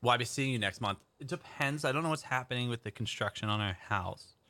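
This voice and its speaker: A man's voice: mid-range voice, fast, sharp tone. A young man streaming from home, chatting with his viewers in a rambling, think-aloud way. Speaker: livestreamer. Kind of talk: casual chat with stream viewers.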